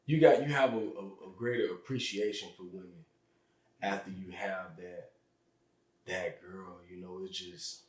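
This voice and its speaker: A man hosting a podcast, chatting in a relaxed way with easy slang and frequent laughter. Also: deep voice, a little slow. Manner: laid-back, chatty slang, laughs easily. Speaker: podcast host. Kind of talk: casual interview chat. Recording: roomy, echoey room.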